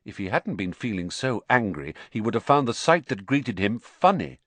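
Expressive man reading a storybook. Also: fairly low pitch, normal speed, no room sound. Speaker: audiobook narrator. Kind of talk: scripted narration.

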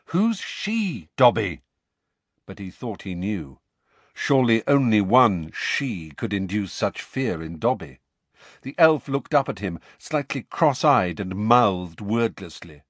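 A man narrating an audiobook in an expressive, measured storytelling manner. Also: lowish voice, dry recording. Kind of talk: scripted narration.

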